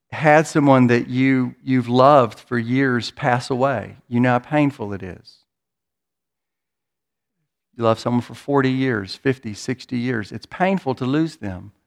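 A man preaching a sermon in a church, in an earnest manner, often repeating words as he builds toward a point. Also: mid-range voice. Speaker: pastor.

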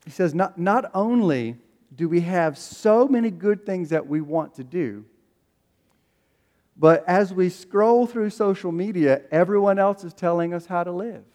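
A man preaching a sermon as a pastor, animated, acting out the voices he quotes. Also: high voice, unhurried. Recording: long hall reverb.

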